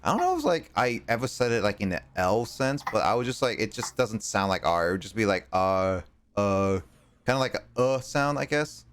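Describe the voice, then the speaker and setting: A man's voice: medium pitch, very animated, fairly quick, few pauses, a bit bright. A man streaming a game and chatting casually, rambling with many fillers and restarts, his R sounds bending slightly toward L. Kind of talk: casual chat while gaming.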